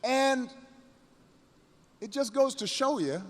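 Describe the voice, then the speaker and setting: Speaking at a campaign rally, a male candidate with an extremely high-pitched, animated voice tells a story that climbs to rousing shouts. He leans on repeated phrases and pauses, and the hall echoes around him.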